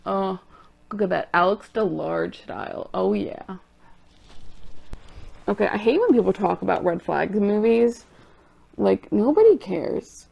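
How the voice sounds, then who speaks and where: A young woman chats her way through a cosplay makeup session, spinning off into tangents and giggling at her own stories. Her voice swoops up and down with lively energy and carries a gravelly edge. She sounds casual and unscripted. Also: medium pitch, moderate pace, a little hiss or hum. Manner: chatty, tangent-prone, giggly storytelling. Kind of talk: rambling casual chat while doing makeup.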